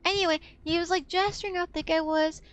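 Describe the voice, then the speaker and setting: Young woman, streamer, very high voice, casual chat, swears a lot, gasps and squeals. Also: steady tone, fast, fairly bright tone. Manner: swears freely, gasps oh my god, shrieks with laughter.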